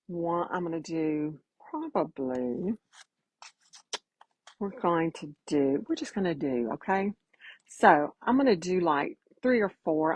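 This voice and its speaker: A woman's voice: lowish voice, a little mellow, slightly rough, no echo, low-quality recording. A woman giving a casual live painting demo, chatty and folksy, greeting viewers by name as she works. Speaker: painting instructor.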